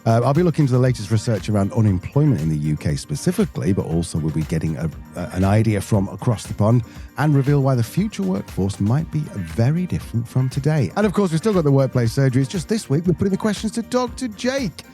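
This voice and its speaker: Give me a playful British business owner hosting a podcast, with a lively voice. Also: male voice, medium pitch, fast, faint music behind. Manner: playful, laughs often, self-mocking. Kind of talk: casual podcast chat.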